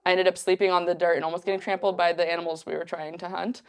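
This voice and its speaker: Young woman guest, lively storyteller, slightly low voice, acts out quotes. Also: racing, clear, resonant tone. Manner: animated, acts out quotes, many fillers. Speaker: podcast guest. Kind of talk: casual storytelling.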